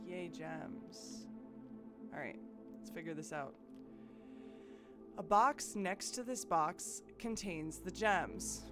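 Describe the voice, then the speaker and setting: A woman with a lowish voice streams a puzzle game live and talks through her choices out loud. She chats easily with her viewers and often restarts her sentences. Game music plays clearly behind her. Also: takes it slowly, long pauses. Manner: thinks aloud, chatty with chat, hesitant restarts. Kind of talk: live gameplay commentary.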